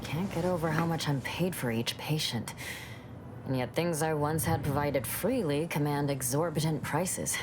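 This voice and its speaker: An actress voicing a prim, refined woman companion in a video game, speaking in a formal, measured way. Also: deep voice, close to an everyday voice. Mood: wistful. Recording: game audio under steady noise.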